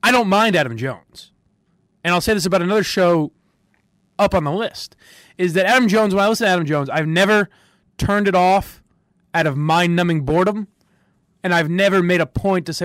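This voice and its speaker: A man's voice: high voice, fairly quick, pauses often, no room sound, studio quality. A man hosting a sports radio podcast, chatting casually with strong opinions, rambling and laughing often. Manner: rambling, animated, laughs often, restarts sentences.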